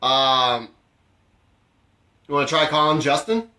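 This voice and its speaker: A man's voice: a little high, steady tone, takes it slowly, pushed and bright. A man co-hosting a podcast at home, chatting casually with laid-back, laughing banter. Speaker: podcast co-host. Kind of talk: casual chat. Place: room at home. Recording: roomy echo.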